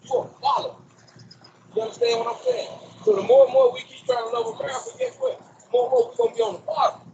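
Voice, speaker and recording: A man's voice: very high-pitched, sing-song, racing, gravelly, mellow, dull audio, slight background noise. A man preaching on the street in front of a store, emphatic and quoting scripture with rhetorical questions, recorded on a phone outdoors. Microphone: phone recording a video.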